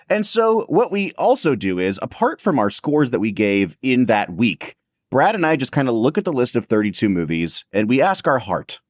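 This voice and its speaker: A man's voice: mid-range voice, very animated, normal speed, no room sound, clean studio sound. A man co-hosting a casual podcast, upbeat and explaining things to listeners. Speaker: podcast co-host.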